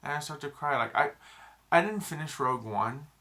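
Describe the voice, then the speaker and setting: A man's voice: a little high, expressive, normal speed, sharp tone. A young man vlogging a casual, rambling movie review, full of fillers and restarts.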